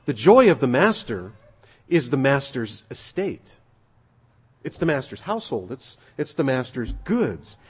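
Husky, animated preacher in an echoing hall. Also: male voice, medium pitch, a little slow. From United States. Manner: animated, emphatic, conversational preaching. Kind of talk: sermon. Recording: long reverb of a large hall.

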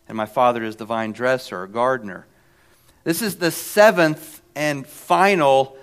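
A man preaching a sermon in a deliberate, emphatic way, often repeating a word before he carries on. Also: medium pitch, a bit bright.

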